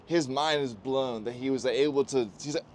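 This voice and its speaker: A man hosting a casual chat, talking animatedly and acting out others with loud exclamations. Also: mid-range voice, normal speed. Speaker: podcast host. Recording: outdoor rooftop with faint background noise.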